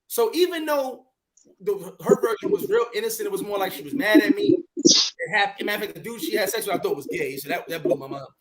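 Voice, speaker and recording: A man hosting a casual talk show, telling a personal story in an animated way, repeating words and acting out his own shouting. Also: high-pitched, quick pace, rough recording. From New York. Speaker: podcast host.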